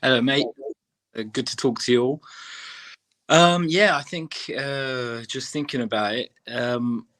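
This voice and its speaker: A man's voice: medium pitch, measured pace, fairly bright tone. A man calls in to a fan show. He talks casually and hesitantly, with plenty of ums. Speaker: caller. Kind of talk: call-in chat.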